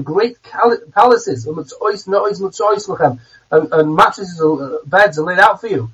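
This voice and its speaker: A man's voice: sits high, moderate pace, fairly bright tone, breathy edge. A man teaching a text, reading each phrase aloud and then translating it, often restarting his words. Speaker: Talmud teacher. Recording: distant, dull, muffled recording.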